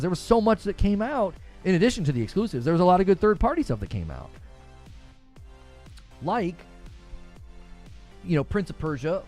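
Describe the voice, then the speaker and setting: A man hosts a live gaming show from his home and talks straight to his viewers. His voice sits a bit high and jumps around a lot as he rambles. He often sounds incredulous, and soft music plays faintly underneath. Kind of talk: live-stream chat answering viewers.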